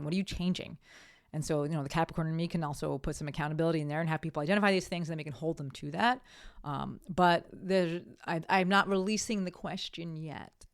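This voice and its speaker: A woman's voice: deep voice, no room sound, studio quality. A woman hosting her own podcast, talking casually and upbeat, often correcting herself mid-sentence. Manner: chatty, self-correcting, upbeat sign-off. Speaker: podcast host. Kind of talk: casual solo podcast talk.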